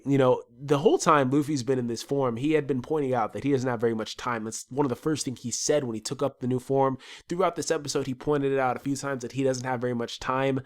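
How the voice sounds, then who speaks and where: A man with a stuffy nose giving a casual solo episode review, rambling and swearing freely. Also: mid-range voice.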